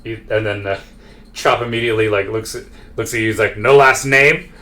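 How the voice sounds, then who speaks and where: A man with a fairly low voice runs a solo tabletop session. He narrates haltingly, full of fillers and restarts as he describes each character. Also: little pitch movement, fairly bright tone. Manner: hesitant, many fillers and self-corrections. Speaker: game master.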